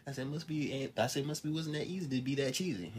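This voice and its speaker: A man's voice: mid-range voice, fast talker, a little hiss or hum. A man co-hosting a casual chat, joking and slangy and often laughing.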